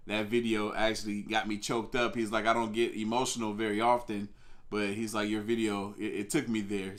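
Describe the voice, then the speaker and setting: Male streamer, slightly low voice, easygoing chatter, greets the chat by name. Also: fairly bright tone. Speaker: live stream host. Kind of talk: casual live stream chat. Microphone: desk microphone.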